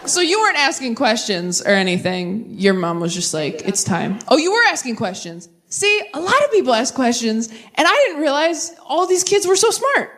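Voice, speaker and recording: A young adult woman doing a stand-up set with crowd work, animated and self-deprecating, with quick asides. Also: high-pitched. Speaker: stand-up comedian. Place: theater stage with live audience.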